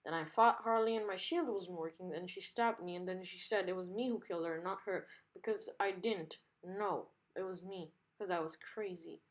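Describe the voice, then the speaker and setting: A woman's voice: on the low side, normal speed, few pauses, lightly acted. A rambling, flustered young male hero from a comic book, tripping over his own story, as a woman reads his lines aloud. He jumbles his words in confusion.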